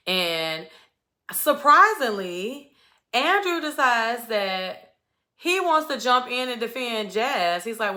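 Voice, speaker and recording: A woman's voice: fairly high pitch, slow. A woman giving a casual, sassy recap of a reality show episode, acting out the contestants' lines with lots of attitude. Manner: animated, sassy, acts out quotes with attitude.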